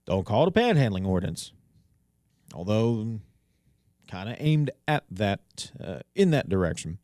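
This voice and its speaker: A man's voice: fairly low pitch, big pitch swings, unhurried, a little mellow, dry recording. A man hosting a local talk radio show, reading headlines and commenting in a conversational way with wry asides. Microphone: studio microphone. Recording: dry studio sound.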